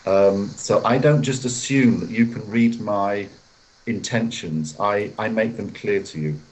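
A man being interviewed as a guest author over a video call, explaining in a measured way and acting out example phrases. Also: lowish voice, darkish tone, low-quality recording. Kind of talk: interview answers. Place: hotel room.

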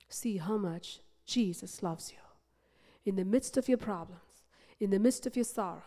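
Long church-hall reverb surrounds a woman preaching a sermon in a sanctuary. Passionate and emphatic, she repeats phrases and shifts between loud build-ups and quiet, low passages.

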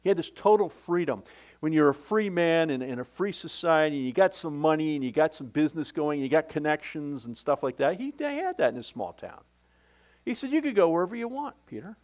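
A man's voice: fairly high pitch, expressive, brisk. A middle-aged male pastor preaching a sermon in a conversational, folksy way, often restarting his sentences.

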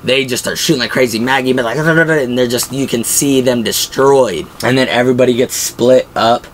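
A man giving a casual, excitable recap of TV episodes, acting out the quotes as he goes. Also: mid-range voice, fairly quick, slight background noise. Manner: excitable, acts out quotes from the show. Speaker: video host.

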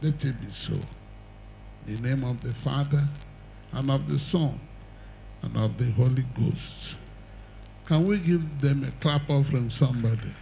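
A man's voice: mid-range voice, unhurried, gravelly, pauses often, warm tone, a little hiss or hum, low-quality recording. An older man preaching an evangelistic sermon and altar call, with emphatic, repetitive exhortation and the odd chuckle.

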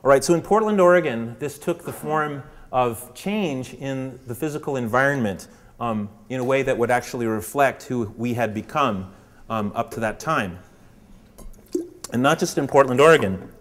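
A man giving a storytelling lecture to an audience, animated and putting on voices for characters. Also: medium pitch, long reverb tail. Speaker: public speaker.

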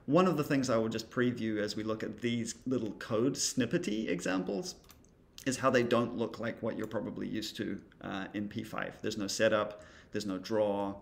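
Low, gravelly man teaching code. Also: normal speed. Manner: wry, dry humor; thinking aloud while demonstrating code. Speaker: creative coding instructor. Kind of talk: casual screen-recorded coding tutorial.

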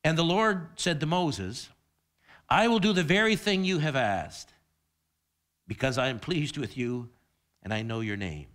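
Animated high-pitched preacher man. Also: unhurried, pauses often. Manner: animated, repeats words when emphatic. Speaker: pastor. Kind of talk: sermon.

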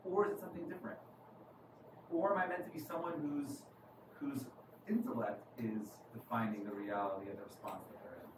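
A man with a New York accent preaches in a loose, conversational way, checking in with his listeners again and again. He is caught from a distance in an echoey room. Steady background noise sits under his voice. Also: mid-range voice, brisk. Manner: conversational, keeps asking "right?". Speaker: rabbi. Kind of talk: sermon. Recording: echoey room from far off, noisy.

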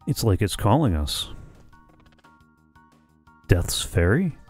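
A man's voice: fairly low pitch, big pitch swings, slow, darkish tone. A man hosting a let's play, chatting casually and musing aloud as he plays through a game. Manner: chatty, muses aloud, reads game dialogue plainly. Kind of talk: casual gameplay commentary. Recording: faint game music behind.

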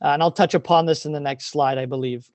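A man's voice: on the high side, fairly even intonation, fast talker, a little mellow, no echo. A man, a teacher giving an earnest, openly emotional presentation over a video call, with many ums.

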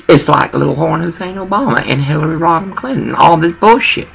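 A woman's voice: low voice, animated, brisk, gravelly, husky, low-quality recording. A woman talking in a rambling personal monologue, emotional and digressive, often repeating herself.

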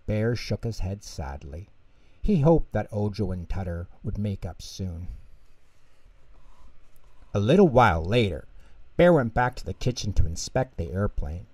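A man reading a children's bedtime story aloud as storyteller, calm and lilting. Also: on the low side, a little slow, long pauses, breathy edge, no room sound.

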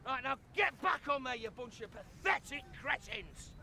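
An actor playing an enraged, foul-mouthed football coach in a shouted half-time tirade. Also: male voice, very high voice, lively intonation, moderate pace, vocal fry, slight background noise, heavily acted. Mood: furious. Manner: furious, abusive, shouting tirade. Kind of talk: film acting.

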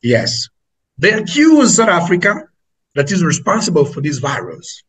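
A man's voice: high-pitched, huge pitch swings, moderate pace, fairly bright tone, breathy edge, rough recording. A man with an Angolan accent preaching to an online audience, emphatic and repetitive, calling his listeners family.

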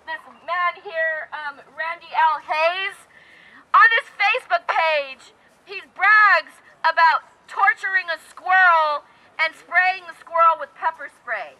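Woman speaker at a community gathering, earnest; high pitch, very bright tone. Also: slow pace, rough recording. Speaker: activist speaker. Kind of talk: addressing a gathering.

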